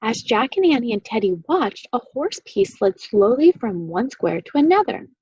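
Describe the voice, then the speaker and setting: A woman reading a children's book aloud with expressive, animated storytelling. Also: a little high, normal speed, husky, muffled recording. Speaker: reader.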